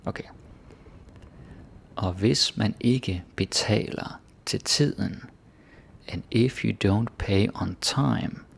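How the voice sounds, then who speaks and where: Male language teacher, gravelly low voice, laid-back explainer who slows down for the key phrases. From Denmark. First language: Danish. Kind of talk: casual language lesson.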